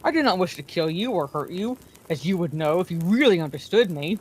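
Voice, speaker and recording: A woman's voice: on the low side, lively intonation, fairly quick, darkish tone, breathy edge. A woman reading aloud, voicing an old male wizard who speaks sternly and with authority. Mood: weary. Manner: stern and commanding.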